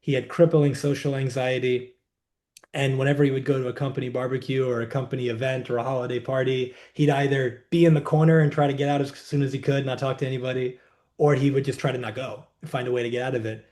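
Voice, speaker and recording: A man, a guest healer and coach, telling client stories in a measured, reflective way in a podcast interview. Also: medium pitch, level tone, a little mellow.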